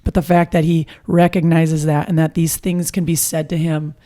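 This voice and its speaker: A woman from Hawaii and California, a mental skills coach, talking as a podcast guest in an animated, casual way. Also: sits low, normal speed. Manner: energetic, animated, frequent fillers and laughs. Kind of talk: casual conversational storytelling.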